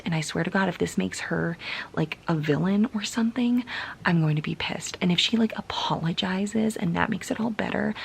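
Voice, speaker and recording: A woman's voice: lowish voice, gravelly, breathy edge. A young woman vlogging about a book she is reading, tired and venting in a frustrated, often whispered late-night rant. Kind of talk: casual reading vlog.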